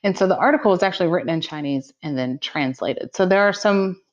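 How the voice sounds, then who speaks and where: Speaking quickly at a fairly low pitch, a middle-aged woman co-hosting a podcast keeps things casual and laughs easily. The audio sounds dull and lo-fi.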